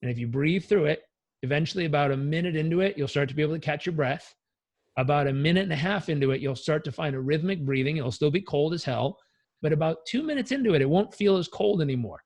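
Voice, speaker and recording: Energetic, blunt male life coach. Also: on the high side, quick pace, no echo. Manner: energetic, blunt, swears freely. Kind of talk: casual interview storytelling.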